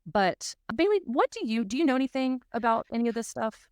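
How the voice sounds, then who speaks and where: A woman's voice: a little high, big pitch swings, a little fast, a little mellow, smooth, no room sound, clean studio sound. A woman from South Mississippi, hosting a podcast in an earnest, emotional, enthusiastic way. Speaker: podcast host. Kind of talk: casual podcast chat.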